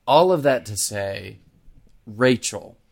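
A podcast co-host with a Kentucky accent speaks slowly in a fairly low, gravelly voice. He chats casually and tells stories animatedly, packing them with fillers and swearing.

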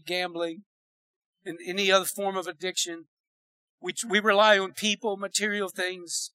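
A man preaching a sermon in church, emphatic, dropping to a hush and rising to shouts. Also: high voice, no echo, poor audio. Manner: emphatic, swinging from hushed to shouting. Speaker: pastor. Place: church sanctuary.

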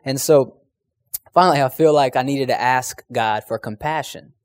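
A man's voice: mid-range voice, moderate pace, no echo. A man telling a personal faith testimony in an earnest, conversational way, speaking straight to his listeners.

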